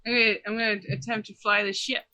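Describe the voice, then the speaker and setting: A man's voice: sits high, level tone, fast, pushed and bright, no room sound, rough recording. A man playing a tabletop role-playing game, hesitant and a bit dramatic. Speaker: player. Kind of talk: casual tabletop game chat.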